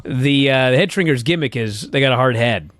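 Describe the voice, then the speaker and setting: A man's voice: mid-range voice, a little fast, fairly bright tone, no room sound, studio quality. A man co-hosting a podcast, telling a story in a casual, exasperated way and swearing often. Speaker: podcast co-host. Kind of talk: casual recap chat.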